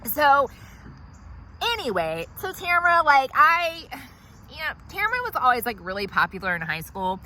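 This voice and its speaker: A woman's voice: high-pitched, big pitch swings, moderate pace, bright, forceful tone, full character voice, low-quality recording. A woman playing an entitled, self-righteous woman who rambles indignantly through her complaints in a comedy sketch. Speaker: comedic character monologue. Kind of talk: comedy sketch monologue to camera.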